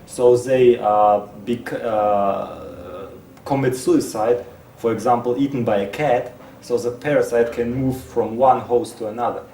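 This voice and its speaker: A man reads a prepared text aloud, breaking off now and then to repeat a word or restart a phrase. His voice is mellow and mid-pitched. He sits at a distance from the mic in an echoey room with a faint hiss behind him. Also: steady tone. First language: Russian. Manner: halting, repeats words and restarts. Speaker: presenter. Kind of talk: reading a text aloud with asides.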